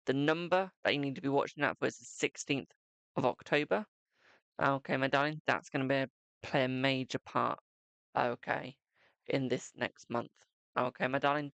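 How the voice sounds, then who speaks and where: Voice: medium pitch, steady tone, moderate pace, creaky, fairly bright tone, no room sound. A tarot reader hosting a live-stream card reading, chatty and fond with viewers. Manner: chatty, calls viewers "my darling".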